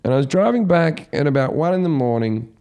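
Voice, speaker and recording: A podcast host with a voice pitched a little high tells a late-night story in loose, casual chat. He speeds up and gets loud and animated when the action peaks. His tone stays conversational. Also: a little fast, clear, resonant tone. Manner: animated, grows loud and excited at the story's peak.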